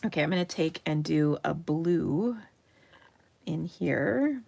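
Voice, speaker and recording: A woman's voice: low-pitched, animated, slow, gravelly, a little mellow. A middle-aged woman hosting a painting tutorial in a chatty, self-deprecating way, laughing often. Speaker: craft tutorial host. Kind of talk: casual painting demonstration.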